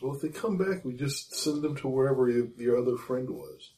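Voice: medium pitch, fairly quick, noisy background. A player at a tabletop role-playing game, chatting casually and often repeating words.

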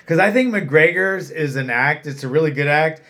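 A man's voice: a little high, expressive, normal speed, a bit bright. A man who runs a fight gym and coaches fighters, talking bluntly and swearing freely in casual chat.

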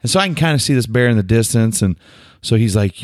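A man from Oklahoma co-hosting a podcast, telling a hunting story in a relaxed, rambling way. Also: medium pitch, fast, dry recording, clean studio sound. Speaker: podcast co-host. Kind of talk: casual chat.

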